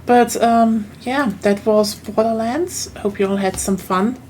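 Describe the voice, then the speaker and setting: Here the young streamer from southern Germany sounds a little high and a little mellow, taking her time as she games. Her German-accented chatter is casual and rambling, packed with fillers and restarts, and there's slight hiss or hum.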